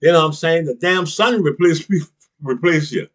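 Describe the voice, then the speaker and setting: A man's voice: on the high side, moderate pace, a bit bright. A middle-aged man giving a blunt, profane political rant, chuckling often and tossing in "huh?" and "you know what I'm saying?". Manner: chuckles between heated points. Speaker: political commentator. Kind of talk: ranting political monologue.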